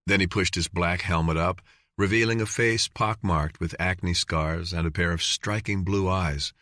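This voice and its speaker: A man narrating an audiobook in an even, measured reading. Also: deep voice, no echo, studio quality. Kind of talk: scripted narration.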